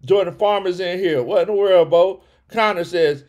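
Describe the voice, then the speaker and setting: A man hosting a lively sports livestream, reading chat comments, laughing often and stumbling over his words as he talks. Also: high voice, moderate pace. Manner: animated, laughs often, frequent restarts and stammers. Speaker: sports vlog host reading live chat. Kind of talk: excited casual livestream chat.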